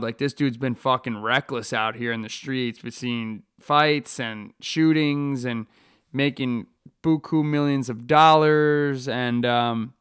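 A man's voice: mid-range voice, a bit bright, smooth. A young man who fights for a living, ranting casually and swearing a lot, getting heated and then dropping to a mutter. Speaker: fighter hosting a talk show. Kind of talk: casual profane rant.

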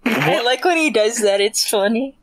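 A woman's voice: on the high side, animated, normal speed, no room sound. A woman co-hosting a podcast, chatting in a playful, giggly way. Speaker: podcast co-host. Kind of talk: casual chat.

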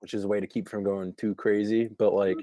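Young man, lowish voice, deadpan and crude, dry close mic. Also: a little fast, no room sound. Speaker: podcast co-host. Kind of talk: casual comedic chat.

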